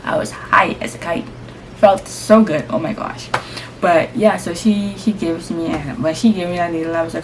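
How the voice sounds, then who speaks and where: A young woman vlogger and first-time mom telling her story casually to camera, lively and slangy. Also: fairly low pitch, normal speed. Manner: lively, acts out voices, slangy and chatty. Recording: steady background noise.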